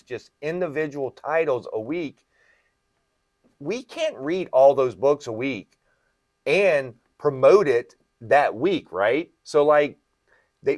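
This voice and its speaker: A man's voice: medium pitch, dry recording, studio quality. A man hosting a podcast as a comic shop retailer, explaining things at length in casual chat and often checking in with "right?".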